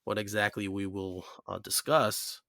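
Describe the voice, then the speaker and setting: A man's voice: on the low side, level tone, a little slow, vocal fry, a bit bright, no room sound, clean studio sound. A man co-hosting a casual podcast, laid-back and rambling, laughing often. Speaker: podcast co-host.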